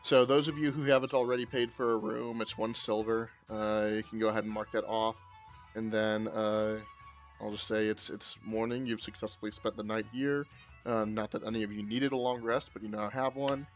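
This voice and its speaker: A man narrating as game master in a casual tabletop game, relaxed and hesitant. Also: fairly low pitch, normal speed, faint music behind.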